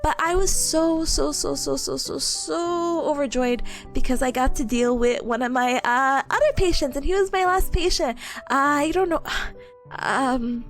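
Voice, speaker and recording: A young woman streamer chatting casually with her viewers, telling stories in a bubbly, giggly way and acting out excited quotes. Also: high-pitched, a little slow, soft background music.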